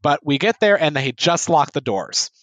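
A man in a casual interview, telling a lively anecdote and acting out bits of dialogue. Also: a little high, normal speed, no room sound, low-quality recording. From United States. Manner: animated anecdote with laughs and quoted dialogue. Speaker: sword instructor and guest.

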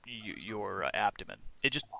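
A man narrating as game master of a tabletop role-playing game, chatty and quick to laugh. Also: on the low side, lively intonation, gravelly, sharp tone.

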